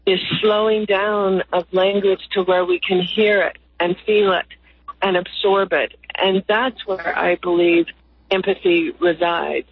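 A woman guest in an interview, speaking slowly and earnestly in lyrical phrases, with a husky voice. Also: on the low side, steady tone. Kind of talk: reflective interview talk. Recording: dry, tinny phone line.

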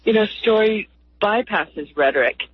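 Husky woman guest on a tinny phone line. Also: medium pitch, lively intonation, no echo. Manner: slow, earnest, lyrical phrasing. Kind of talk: reflective interview talk.

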